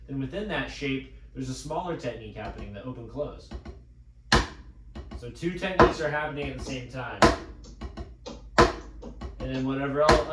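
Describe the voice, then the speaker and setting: A man's voice: medium pitch, far from the mic. A man teaching a drum lesson, coaching a student and calling out strokes as he plays. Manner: coaching, counting strokes aloud. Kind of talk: live practice pad lesson. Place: drum school room. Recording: echoey room, off-mic, loud noise.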